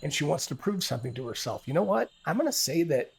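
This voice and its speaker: A man's voice: on the high side, very animated, fast, creaky, breathy edge. A man thinking aloud as he plays a solo tabletop game, narrating dice rolls and often stopping to correct himself.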